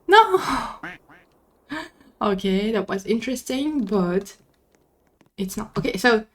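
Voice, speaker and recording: A young woman with a non-native English accent hosting her gaming channel, giving casual gameplay commentary and squealing excitedly when things go wrong. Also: medium pitch, measured pace. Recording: music playing behind the voice.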